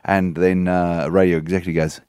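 A man with a very low voice tells a wry anecdote on a comedy podcast. The sound is dry and close, with no room around it. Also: level tone, brisk, darkish tone, smooth, no room sound. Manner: wry anecdote telling, mimics people in quotes. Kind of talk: casual storytelling.

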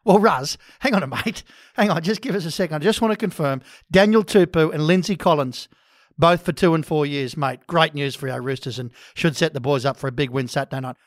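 Enthusiastic Aussie male host, slightly high voice, dry sound. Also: a little fast, no echo. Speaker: podcast host. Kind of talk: casual sports chat.

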